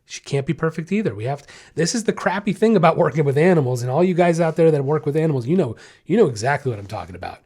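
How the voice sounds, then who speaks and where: Male podcast host, blunt and candid monologue, voice sits a bit high. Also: lively intonation, quick pace, few pauses, dark tone, slightly rough. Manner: blunt, emphatic, frank storytelling. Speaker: podcast host and dog trainer.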